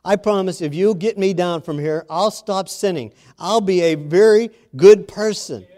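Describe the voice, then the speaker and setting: A man voicing a desperate man hanging from a cliff branch, shouting and pleading in a high strained voice. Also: a little slow. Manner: frantic high shouting for help.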